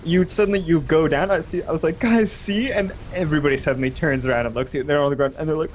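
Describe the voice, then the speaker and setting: A man's voice: a little high, very fast, slight background noise. Chatty young man telling a story. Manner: animated, laughing, lots of fillers. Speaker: gaming streamer. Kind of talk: casual storytelling while gaming.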